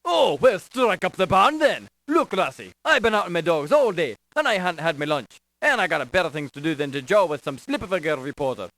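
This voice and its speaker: An actor playing a gruff, impatient Irish police desk sergeant with an Irish accent in a video game. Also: male voice, sits high, very animated, a little fast, few pauses, a bit bright, heavily acted. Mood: brusque. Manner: brusque, dismissive, calls her lass. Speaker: game character.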